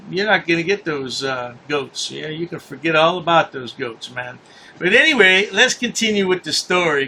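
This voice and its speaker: A man's voice: fairly high pitch, sharp tone, slight background noise. A man hosting a commentary channel, mocking a news story in a sarcastic, scornful way and repeating his points for effect.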